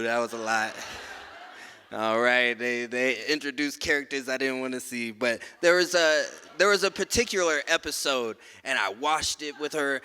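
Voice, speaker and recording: Male spoken word poet, bright voice, rhythmic and emphatic, live in a reverberant hall. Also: mid-range voice, smooth. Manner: rhythmic, emphatic, dropping soft at line ends. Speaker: performance poet. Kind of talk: spoken word poetry and stage storytelling. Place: live stage at a museum event.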